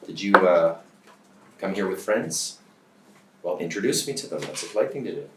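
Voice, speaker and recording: Deep-voiced man in a distant, echoey room. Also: lively intonation, moderate pace, a little hiss or hum. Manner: loose, chatty, checking in with "right?". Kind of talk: teaching a bootcamp session.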